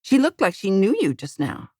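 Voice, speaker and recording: A woman voicing an eager, brash female newspaper reporter in an audiobook, her speech excited and keen. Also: medium pitch, normal speed, breathy edge, no echo, studio quality. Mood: curious. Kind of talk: audiobook character voice.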